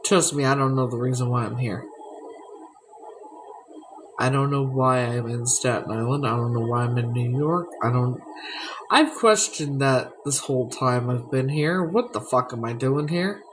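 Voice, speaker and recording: A woman's voice: extremely low pitch, moderate pace, slight background noise, low-quality recording. A woman chatting candidly on a livestream from her home, blunt, rambling and swearing freely. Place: at home indoors.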